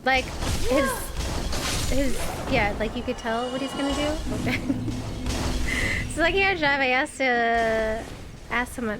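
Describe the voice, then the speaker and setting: A woman's voice: sits high, sing-song, a little slow, long pauses, over loud music. A woman streaming a game live, panicking and laughing as she talks to her chat. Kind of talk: live gameplay commentary.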